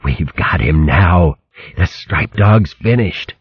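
A man's voice: low voice, expressive, slow, slightly rough, dry recording, heavily acted. A man voicing a panicky male fox vermin leader who sniggers and screams hysterically, on a dull lo-fi recording. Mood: sniggering.

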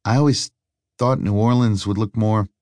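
A man's voice: on the low side, fairly even intonation, moderate pace, a little mellow, no echo, clean studio sound, natural voice. A man playing an anxious young man. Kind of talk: audiobook character voice.

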